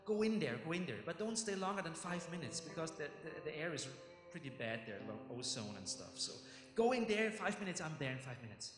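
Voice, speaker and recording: A nervous young office clerk stammers and fusses over his break, as a man puts him on. The voice sits high and quiet, heard across an echoey hall with music playing behind. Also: very animated, brisk, hardly any pauses. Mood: flustered. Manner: hesitant, stammering, fussy.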